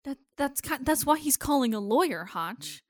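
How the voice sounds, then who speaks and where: A woman's voice: sits high, animated, normal speed, no echo, clean studio sound. A young woman co-hosting a casual chat, blunt and sarcastic, with a lot of swearing. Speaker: podcast co-host.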